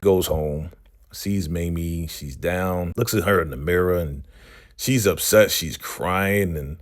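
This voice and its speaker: A man's voice: sits low, slow pace. A man casually recapping a TV episode in loose, slangy talk, tagging lines with "right?" and "you know".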